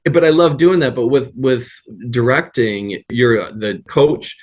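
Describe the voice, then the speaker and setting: A man's voice: medium pitch, lively intonation, slow, a little mellow. A man talking as a guest in a casual interview, telling long anecdotes with a rambling flow. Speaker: guest actor and writer.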